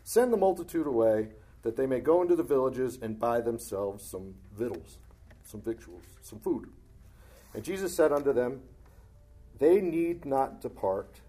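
Husky-voiced man teaching scripture. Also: medium pitch, dark tone. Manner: reads verses aloud, then comments plainly; clears his throat often. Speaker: Bible teacher. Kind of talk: reading scripture and explaining it.

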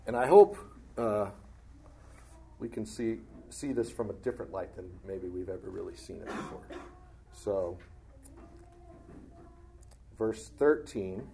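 Husky, mellow-voiced man as Bible teacher; reads verses then explains them, clears his throat often. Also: fairly low pitch, measured pace, pauses often. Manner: reads verses aloud, then comments plainly. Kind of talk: reading scripture and explaining it.

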